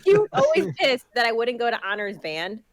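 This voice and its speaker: A woman's voice: fairly high pitch, big pitch swings, fairly quick, a loud crowd. Young woman telling a profane story. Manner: profane storytelling, acting out quoted people. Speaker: podcast co-host. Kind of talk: casual chat.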